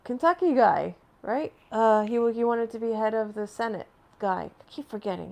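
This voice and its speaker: A woman's voice: a little high, moderate pace, creaky, hardly any pauses, darkish tone. A woman hosting a casual live stream from home, rambling and chatting as she answers viewer comments, laughing often between phrases.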